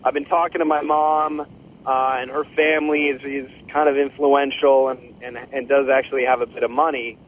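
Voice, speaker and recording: A man's voice: mid-range voice, flat delivery, a little hiss or hum, close to an everyday voice. A man doing rambling Terrifying Tim on a tinny phone. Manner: rambling, halting, squeals at the end. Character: Terrifying Tim, a boastful young man leaving a phone message.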